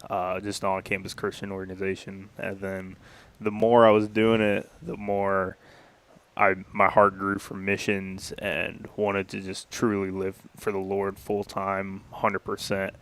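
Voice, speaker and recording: Low, gravelly young man from Louisiana. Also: monotone, unhurried, fairly bright tone. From northern Louisiana. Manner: polite, earnest, says yes sir. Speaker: guest, campus ministry worker. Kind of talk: casual radio interview.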